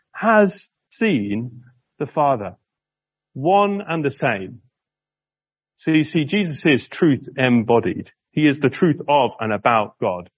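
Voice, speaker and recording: A man's voice: a little high, breathy edge, no echo, lo-fi sound. Conversational man preaching a sermon. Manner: conversational, asks the congregation questions; slows right down to stress key words. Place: church.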